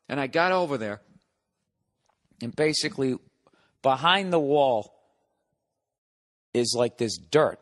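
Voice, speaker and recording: Middle-aged guy ranting on his podcast, cussing a lot, sarcastic and totally fed up. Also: mid-range voice. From United States. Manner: profane, exasperated ranting with sarcastic asides. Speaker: podcast host. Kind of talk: solo comedic rant.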